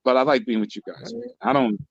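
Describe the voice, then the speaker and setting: A man telling lively stories in a casual online group chat. He swears freely, laughs a lot and mimics the lines of other people. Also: medium pitch, fast, gravelly, dry recording, highs cut off. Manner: animated storyteller, profane, mimics others' lines, laughs often. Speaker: channel host telling stories to co-hosts.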